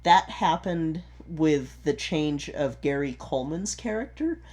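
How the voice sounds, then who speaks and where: A man's voice: on the high side, animated, unhurried, darkish tone. Chatty man explaining theatre lore. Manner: chatty and explanatory, with frequent ums and restarts. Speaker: podcast co-host, theatre performer. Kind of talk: casual podcast chat. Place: home recording setup in Utah.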